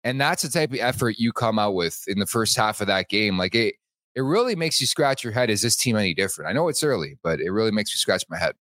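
A man's voice: on the low side, lively intonation, fast, fairly bright tone, no echo. A man hosting a sports podcast in casual chat, leaning on "like" as a filler and swearing casually. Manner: loose, leans on "like", swears casually. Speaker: podcast host.

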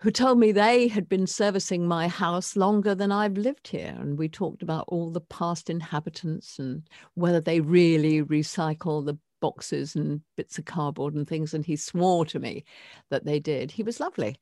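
An older woman co-hosting a casual podcast chat, reflective and expressive as she introduces guests. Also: sits low, normal speed, no echo, clean studio sound. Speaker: co-host.

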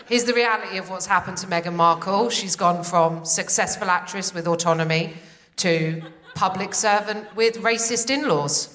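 Bright-voiced British woman comic. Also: medium pitch, normal speed. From Britain. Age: 40s. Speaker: stand-up comedian. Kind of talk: live stand-up set. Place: theatre stage with live audience. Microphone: stage microphone.

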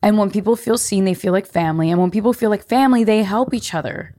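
A woman's voice: mid-range voice, quick pace, dark tone. A young woman hosting a podcast, talking casually and emphatically in slangy, chatty life advice. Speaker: podcast host.

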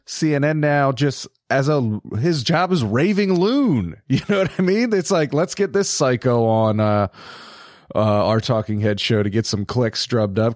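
A man's voice: mid-range voice, no room sound. Guy on a podcast, swears a lot, laughs, dry close mic. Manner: profane, animated, laughs often. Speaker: podcast co-host. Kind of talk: casual political chat.

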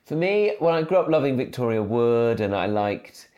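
A comedian in his thirties telling stories in a casual interview, animated and self-deprecating with frequent restarts. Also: medium pitch, moderate pace, muffled recording. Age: 30s. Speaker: comedian guest.

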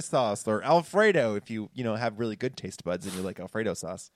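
A man's voice: on the low side, sing-song, no echo. A man taking part in a tabletop game as a player, joking and playful. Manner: playful and jokey, quick to laugh.

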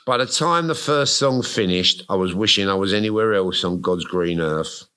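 A man's voice: low-pitched, moderate pace, sharp tone, clear, resonant tone. Wry man reading his memoir. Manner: wry, comic storytelling with self-mocking asides. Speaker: guest author. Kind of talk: reading his memoir aloud to a live audience. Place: live music venue stage.

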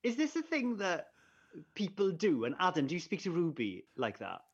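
A man, a radio presenter, guesting on a podcast in playful, animated casual chat. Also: high voice, moderate pace, breathy edge, highs cut off. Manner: playful and animated, laughs often.

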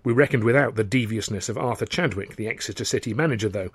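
A man narrating his own novel in a wry, measured way. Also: fairly low pitch, husky, dry recording. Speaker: author and narrator. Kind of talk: scripted audiobook narration.

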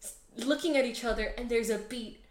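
A young adult woman co-hosting a podcast, casually recapping a TV series in an animated way, full of fillers and swearing. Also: fairly high pitch, brisk, echoey room. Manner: animated, heavy filler use, swears freely. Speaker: podcast co-host.

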